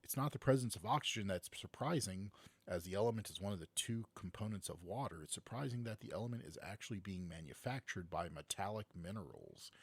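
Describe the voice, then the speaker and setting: A man's voice: deep voice, fairly bright tone, breathy edge, dry recording. A man co-hosting a podcast, reading a science news story aloud with joking asides, a bit tipsy. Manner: reads steadily with asides and jokes, a bit tipsy. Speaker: podcast co-host. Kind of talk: casual chat, reading a news article aloud.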